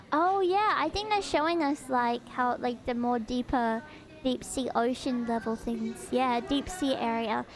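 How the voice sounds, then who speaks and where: A woman streamer chatting live and reacting to what she watches, bubbly and excitable, often gasping in delight. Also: sits high. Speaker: streamer host.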